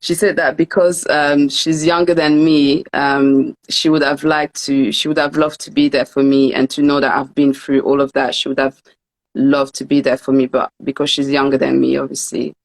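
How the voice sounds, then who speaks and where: A woman's voice: extremely low pitch, flat delivery, moderate pace. A young woman hosting a heartfelt interview, speaking earnestly with frequent stammers and repeated words, and translating her guest's French into English. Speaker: author and host. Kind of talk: emotional interview and live translation.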